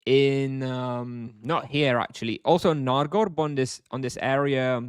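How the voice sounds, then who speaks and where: Man, live game streamer, easygoing chat with viewers, mid-pitched voice, dry close sound. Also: measured pace, clear, resonant tone, no room sound. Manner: relaxed, thinks aloud with fillers and restarts, chuckles often. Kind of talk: casual live-stream chat, answering chat questions.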